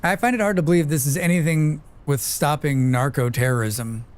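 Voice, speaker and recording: Chatty man, fairly high, smooth voice. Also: a little fast. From United States. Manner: loose and chatty, swears freely, laughs often. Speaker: livestreamer. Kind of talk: casual chat while playing, reading chat aloud.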